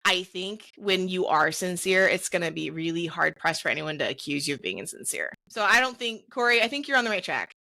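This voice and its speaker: Chatty, bright-voiced woman podcast co-host. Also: fairly low pitch, animated, fairly quick, vocal fry, few pauses, dry recording. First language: not English. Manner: chatty, enthusiastic, many "like" fillers. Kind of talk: casual live-stream chat.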